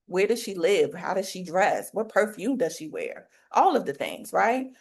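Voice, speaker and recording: A woman's voice: medium pitch, very animated, normal speed, vocal fry. Preachy woman coach, folksy faith-filled talk. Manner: preachy, faith-filled, rhetorical questions, colloquial. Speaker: business coach for hairstylists.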